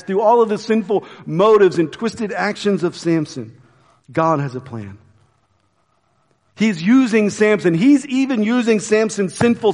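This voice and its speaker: A pastor preaching a sermon in a casual, conversational way with quick asides. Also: male voice, high voice, a little mellow, in a large hall. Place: church.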